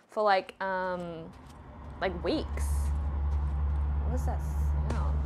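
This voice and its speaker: A young woman streaming a game, commenting live in an excitable, exclaiming way with frequent laughter. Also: medium pitch, slow pace, noisy background. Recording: game sounds loud in the background.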